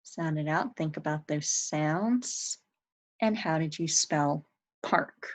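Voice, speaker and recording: A teacher guides young children through a spelling lesson, speaking very slowly in a slightly low voice. She sounds out every word and spells it letter by letter, encouraging them patiently. The audio is poor.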